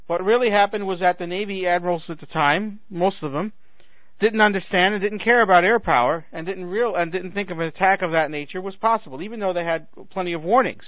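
Man, talk radio host, sarcastic rant, hoarse edge, high voice, thin phone-like sound. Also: a little fast, no room sound. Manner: ranting, sarcastic, addresses listeners as ladies and gentlemen. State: losing his voice, clearing his throat. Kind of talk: political talk radio monologue.

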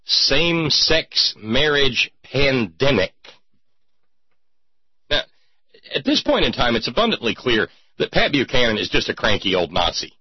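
A man's voice: mid-range voice, huge pitch swings, a little fast, breathy edge, no echo. A man hosting a talk show, giving casual, wry and digressive commentary with a sarcastic edge. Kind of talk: casual radio-style commentary. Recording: dull lo-fi recording.

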